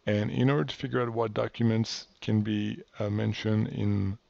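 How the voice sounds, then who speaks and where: Deep gravelly man, offhand tutorial. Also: little pitch movement, normal speed, mellow, dry recording, muffled recording. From France. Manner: loose and offhand, many fillers and self-corrections. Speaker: instructor. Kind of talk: casual screen-share tutorial.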